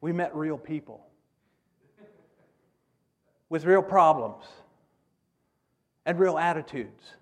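A middle-aged man from the United States preaching a sermon as a missionary, acting out prayers and rising to loud exclaims. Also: a little high, lively intonation, slow, pauses often.

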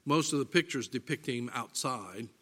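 A man preaching a sermon, deliberate and emphatic, reading scripture aloud. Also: mid-range voice, expressive, a bit bright, breathy edge.

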